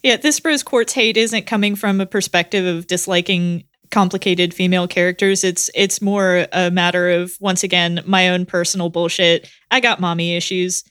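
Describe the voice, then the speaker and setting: A woman's voice: fairly low pitch, fairly even intonation, moderate pace, hardly any pauses, a bit bright, clean tone, dry recording, clean studio sound. A woman co-hosting a podcast, talking in a candid, blunt and self-deprecating way. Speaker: podcast co-host. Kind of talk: casual podcast chat.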